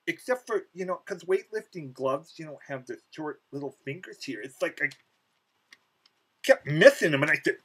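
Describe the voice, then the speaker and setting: A man telling a comic story as a vlogger, boastful and theatrical, his pitch jumping sharply when he gets excited. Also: moderate pace, breathy edge, rough recording. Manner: boastful, self-mocking, many "you know" fillers.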